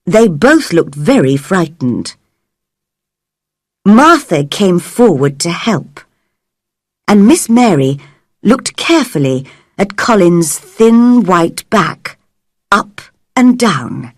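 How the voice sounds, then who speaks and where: A woman narrating a storybook for English learners in a slow, clear and expressive reading. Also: fairly low pitch, no room sound, studio quality.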